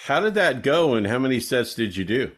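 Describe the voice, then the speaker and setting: A man's voice: medium pitch, very animated, brisk, fairly bright tone. A male host in casual podcast talk, giving short affirmations and asking eager follow-up questions.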